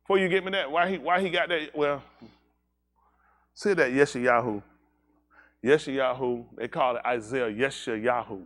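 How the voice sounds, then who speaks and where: A man's voice: mid-range voice, unhurried, pauses often, fairly bright tone. Emphatic man preaching a teaching sermon. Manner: emphatic, asks the room many rhetorical questions. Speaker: teacher leading a congregation. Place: synagogue service.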